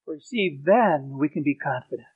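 A man preaching a sermon, swinging from loud emphatic phrases to low quiet asides. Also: expressive, moderate pace, husky, no room sound. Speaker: pastor. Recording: dry, tinny phone-like sound.

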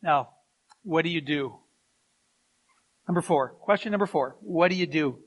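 A man's voice: on the high side, unhurried, muffled recording. A middle-aged man, a pastor, preaching a sermon and telling stories with chuckles and asides.

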